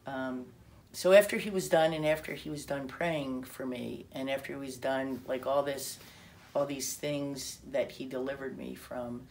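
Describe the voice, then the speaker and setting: A woman telling her personal testimony in an animated way, acting out quotes and restarting her sentences often. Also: very deep voice, unhurried, slight background noise. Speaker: speaker sharing a personal testimony.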